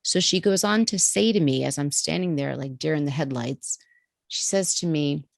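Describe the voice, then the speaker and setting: Low gravelly woman telling her story. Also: moderate pace, no echo, studio quality. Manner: vivid, animated storytelling with acted quotes. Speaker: podcast guest. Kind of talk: storytelling in an interview.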